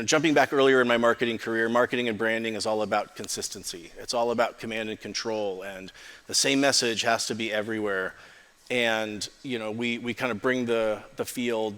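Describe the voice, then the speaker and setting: A man's voice: lowish voice, a bit bright. A male podcast host talking in an enthusiastic, conversational way, leaning hard on the word absolutely. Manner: enthusiastic, repeats "absolutely", restarts often. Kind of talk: conversational interview. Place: event stage with live audience. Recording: long reverb of a hall.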